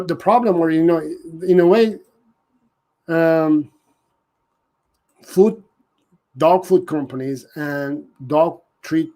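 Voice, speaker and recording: In a casual live-stream Q&A about dog training, a man with a slightly high, slightly mellow voice speaks earnestly. He often repeats himself and restarts his sentences, and he reads viewer comments aloud.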